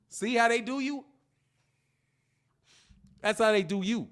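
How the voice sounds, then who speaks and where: A man's voice: extremely high pitch, takes it slowly, long pauses, fairly bright tone. A male host of a boxing channel delivering a profane, mocking live-stream rant, taunting a viewer and laughing between jabs.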